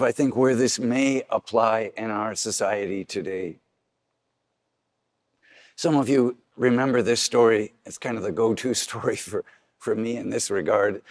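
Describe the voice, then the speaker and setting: A man's voice: a little mellow, no room sound, studio quality. Earnest man preaching a homily. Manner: earnest preaching, acts out quoted voices with rising pitch. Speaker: priest.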